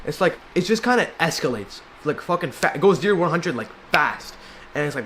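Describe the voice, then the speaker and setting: A young man in a casual advice vlog, rambling and swearing a lot, full of filler and slang, and now and then mocking people in high squeaky put-on voices. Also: lively intonation, quick pace, a bit bright, a little hiss or hum. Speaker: self-help video maker.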